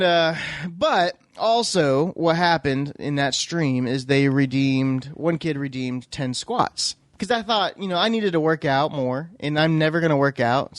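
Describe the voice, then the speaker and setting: A man co-hosting a podcast in casual chat, an animated, self-mocking storyteller who laughs often. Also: medium pitch, no echo, studio quality. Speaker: podcast co-host.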